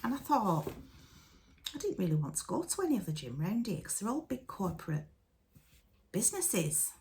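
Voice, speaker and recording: A woman's voice: medium pitch, big pitch swings, moderate pace, darkish tone, slight background noise. A woman chatting to camera at home, telling a story in a casual way and acting out the conversations. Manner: chatty, retells conversations with quoted dialogue. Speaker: vlogger.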